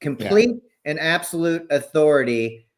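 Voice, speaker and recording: A man's voice: fairly high pitch, big pitch swings, unhurried, vocal fry. A man in his forties co-hosting a podcast, talking through political news in a conversational, explanatory way. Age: 40s. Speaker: podcast co-host. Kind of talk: casual political chat.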